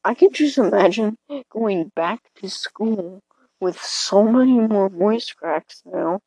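A woman's voice: mid-range voice, takes it slowly, warm tone, breathy edge, no echo, poor audio. A teenage girl rambling hesitantly into her phone from her bed late at night, self-deprecating, her voice cracking now and then. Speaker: podcaster. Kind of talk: casual rambling monologue.

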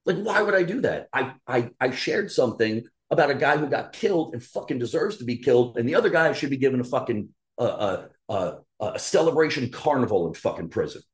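A man's voice: mid-range voice, fairly quick, hardly any pauses. A man co-hosting a casual podcast, ranting with lots of swearing and heated storytelling. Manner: profane, animated ranting. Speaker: podcast co-host.

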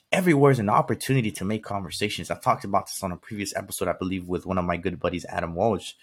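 A man's voice: low voice, fairly bright tone, slightly rough. A man hosting a podcast, delivering a blunt motivational monologue straight to the listener, swearing casually and repeating himself for emphasis. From California. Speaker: podcast host.

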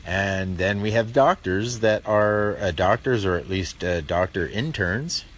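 A man's voice: low-pitched, a little slow. A man hosting a call-in radio show, rambling and chuckling wryly as he talks. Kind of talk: casual call-in talk.

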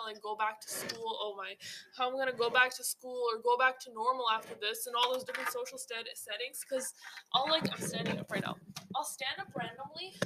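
A woman's voice: fairly high pitch, very noisy. A teenage girl hosting her own podcast, chatting casually in a rambling, giggly way and often interrupting herself. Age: teens. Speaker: podcast host. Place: home.

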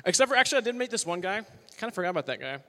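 A young man in his twenties gives a loose, joking sermon to a college crowd, chatty and upbeat. His voice sits high and sounds bright and forceful. The room rings with the long reverb of a large hall. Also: big pitch swings, rapid-fire. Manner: chatty and upbeat, full of "like" and "you know". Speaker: worship leader preaching. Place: large worship hall with live audience.

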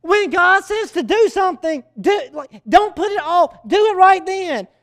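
Male youth pastor, high-pitched, animated storytelling sermon delivery. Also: a little slow. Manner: animated storytelling preacher, repeats key phrases.

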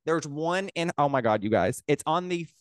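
A young man in his twenties co-hosting a podcast, telling a story in a casual, animated way full of "like". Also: fairly high pitch, moderate pace, clear, resonant tone, dry recording, studio quality. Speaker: podcast co-host. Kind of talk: casual chat.

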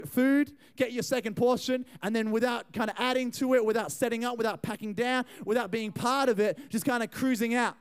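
A young man giving a youth sermon, telling a funny story in a chatty, animated way and talking to the crowd. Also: very high-pitched, clear, resonant tone. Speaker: youth pastor.

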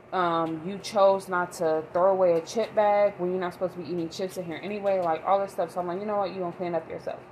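Woman, mom vlogger, mid-pitch, rambling emphatic talk, faint hiss behind. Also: darkish tone, low-quality recording. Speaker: mother vlogger. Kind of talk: casual monologue.

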